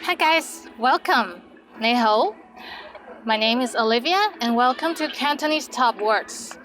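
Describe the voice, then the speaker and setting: A woman's voice: on the high side, animated, measured pace, a bit bright, slight background noise. A woman hosting a language video lesson. She is bubbly and draws out her example words. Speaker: language teacher host.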